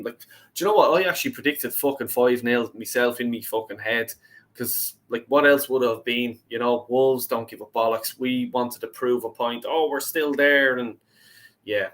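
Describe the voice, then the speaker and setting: A man's voice: medium pitch, fairly bright tone. A young Irish man hosting a fan call-in live stream, chatting casually, reading out chat messages and swearing freely. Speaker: host of a fan call-in show.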